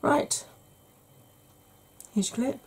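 A woman hosting a soft-spoken ASMR makeup tutorial, chatty and explanatory, sometimes dropping into a whisper. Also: very slow, low-quality recording.

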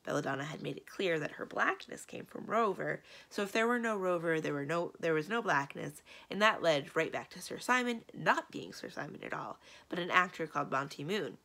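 A woman librarian reads a children's storybook aloud, her pitch low but rising and falling widely. Her tone is bright and forceful with a gravelly fry in it. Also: brisk, few pauses. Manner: expressive, storytelling. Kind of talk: children's read-aloud narration.

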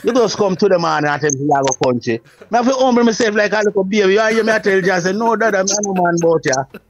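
High-voiced Jamaican man preaching. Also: fast. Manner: emphatic, preacherly, often asks "you see what I say?". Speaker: Rastafari priest, guest. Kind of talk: religious reasoning, casual talk.

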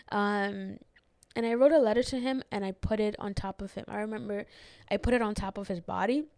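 A woman's voice: medium pitch, normal speed, darkish tone, no room sound. A young woman hosting her own podcast, rambling through a personal story with lots of fillers and restarts, close to tears. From immigrant who moved to the United States as a child. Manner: rambling, many fillers and restarts, gets emotional. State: tearful, near crying. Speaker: podcast host. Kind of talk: personal reflective monologue.

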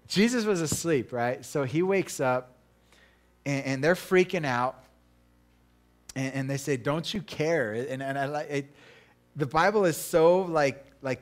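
A middle-aged man, a pastor, giving a casual conversational sermon with chatty, self-deprecating asides and frequent restarts. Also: fairly high pitch.

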